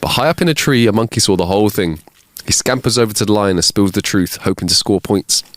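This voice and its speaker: A man co-hosting a comedy podcast, reading listener jokes aloud with animated delivery and put-on voices for the characters. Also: fairly low pitch, fast talker, no room sound, studio quality. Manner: animated joke telling with big laughs and put-on voices. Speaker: podcast co-host.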